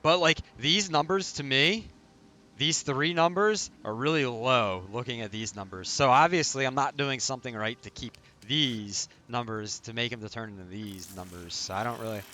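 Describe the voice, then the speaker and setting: A man talks casually on his live stream, loose and easygoing, swearing freely between laughs. His voice is bright and clear, and a faint hiss runs under it. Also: mid-range voice, moderate pace. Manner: laid-back, swearing, laughs often. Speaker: streamer host. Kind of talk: casual chat.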